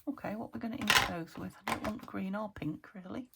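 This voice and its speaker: A middle-aged woman from the UK with a croaky voice, hosting a casual crafting video and thinking aloud, often dropping into half-whispers. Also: mid-range voice, steady tone, a little fast, very noisy. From United Kingdom. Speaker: crafting channel host.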